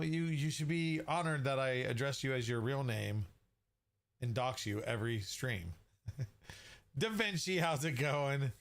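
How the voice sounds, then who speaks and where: A chatty man hosts a casual livestream, reading out viewers' names and joking with them. He talks in an easy, rambling way and laughs often at his own asides. His voice sits at an ordinary middle pitch. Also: vocal fry. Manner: chatty, laughs often, greets chat by name. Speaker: livestream host.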